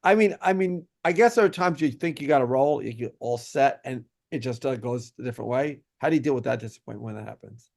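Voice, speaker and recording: Gravelly-voiced male interviewer. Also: mid-range voice, quick pace, hardly any pauses, darkish tone. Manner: easygoing, laughs along, rambling questions. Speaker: host, interviewer. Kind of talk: casual interview.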